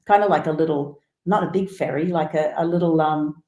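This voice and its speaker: A woman guest musician telling a long anecdote in a casual interview, animated and full of asides. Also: sits low, a little fast. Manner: animated, rambling, many asides. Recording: roomy echo.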